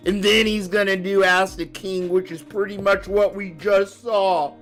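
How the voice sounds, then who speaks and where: A woman's voice: medium pitch, steady tone, unhurried, soft background music. A woman streaming a live reaction, laughing constantly and riffing in profane slang. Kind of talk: casual live reaction commentary.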